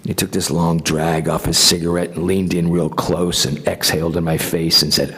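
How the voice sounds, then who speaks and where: Low-voiced man telling stories in a hall. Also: moderate pace, hardly any pauses. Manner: animated anecdotes, casual swearing, laughs often. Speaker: actor guest at a fan panel. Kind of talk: convention Q&A storytelling. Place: convention panel hall. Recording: long reverb of a convention hall.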